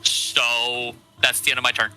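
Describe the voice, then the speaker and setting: A man's voice: medium pitch, completely flat delivery, measured pace, sharp tone, soft background music, rough recording. A man playing a tabletop game, rambling and swearing as he describes his character's moves. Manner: rambling, swearing, self-correcting. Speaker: player. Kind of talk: casual chat in a tabletop game.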